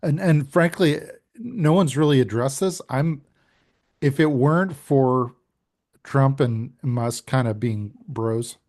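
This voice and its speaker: A man's voice: medium pitch, slow pace, darkish tone. A man co-hosting a podcast in a casual chat, easygoing and agreeing often. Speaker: podcast co-host.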